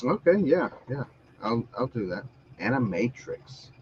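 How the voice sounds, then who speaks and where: A man's voice: on the low side, moderate pace, slight background noise. A man hosting a casual online talk show, telling a long, rambling story and laughing often. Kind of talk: casual chat. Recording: dull lo-fi stream audio.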